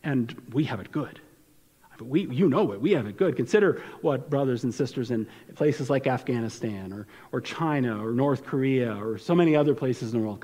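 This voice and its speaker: A man's voice: mid-range voice, a little mellow, big-room sound. A man preaching a sermon as pastor, earnest and emphatic, often restarting his words.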